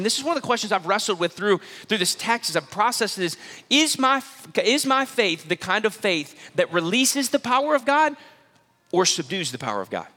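Male preacher, high bright voice, emphatic and repetitive, church hall with long reverb. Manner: emphatic, repeats key phrases, quick restarts. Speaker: pastor. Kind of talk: sermon.

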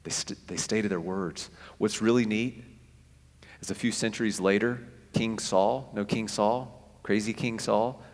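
Animated preacher in an echoing hall. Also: male voice, lowish voice, a little slow. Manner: animated, repeats phrases for emphasis, acts out quotes. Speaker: pastor. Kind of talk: sermon. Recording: echoey hall with long reverb.

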